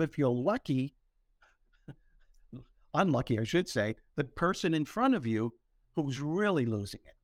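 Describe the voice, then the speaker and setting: A man hosting a podcast, telling stories with humor in an animated, motivational way. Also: medium pitch, no echo, studio quality. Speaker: podcast host. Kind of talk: motivational storytelling talk.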